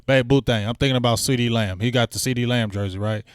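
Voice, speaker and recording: A man's voice: medium pitch, fast talker, smooth, no echo, studio quality. A man hosting a sports talk livestream, chatting casually in slang and hyping up donations to his viewers. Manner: animated, slangy, hypes donations. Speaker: sports talk show host.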